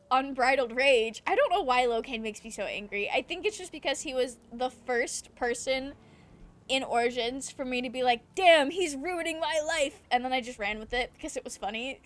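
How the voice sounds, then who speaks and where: A woman's voice: sits high, fairly bright tone. A young woman streaming a video game, chatting casually and reading chat aloud, laughing often and ranting with swearing. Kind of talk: casual gameplay commentary.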